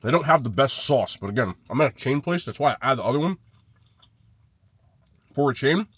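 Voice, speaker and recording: A man's voice: mid-range voice, expressive, a little fast, a bit bright, slightly rough, no room sound. A man reviewing chain restaurant sandwiches in a casual vlog, blunt and swearing freely as he rates them. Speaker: food vlogger.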